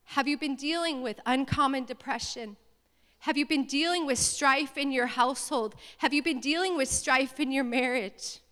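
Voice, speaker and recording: Woman pastor, fervent call-and-response preacher, high pitch, reverberant sanctuary. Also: normal speed, a bit bright. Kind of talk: sermon. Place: church sanctuary. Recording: echoey church hall.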